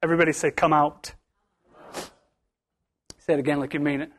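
Fiery, high-voiced preacher, emphatic bursts. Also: male voice, level tone, fairly quick, slight background noise. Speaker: pastor. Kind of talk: sermon. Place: church.

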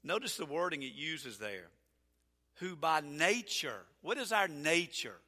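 A male pastor preaching a folksy, emphatic sermon, building to loud, drawn-out peaks. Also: on the high side, very animated, husky. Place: church sanctuary. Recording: reverberant church sanctuary.

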